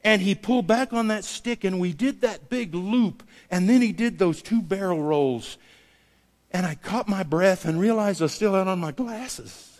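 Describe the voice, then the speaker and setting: A man preaching a sermon, telling a personal story and acting out the dialogue with lively variation. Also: sits high, unhurried. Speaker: pastor. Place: church sanctuary. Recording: long hall reverb.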